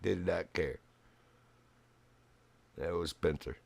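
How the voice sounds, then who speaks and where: Deep-voiced man chatting on a stream. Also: fairly even intonation, takes it slowly, gravelly, a little mellow, no room sound. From Virginia. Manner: rambling storyteller, chuckles often. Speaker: game streamer. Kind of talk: casual gaming stream chat.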